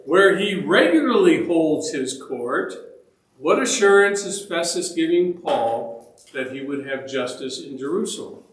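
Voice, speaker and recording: A man leads a church Bible study, speaking slowly and steadily in a fairly high voice. He talks conversationally, restarting phrases and pausing on fillers, and he keeps asking the group questions. The room gives his voice a noticeable echo. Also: animated. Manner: asks the group questions, checks in with "all right?".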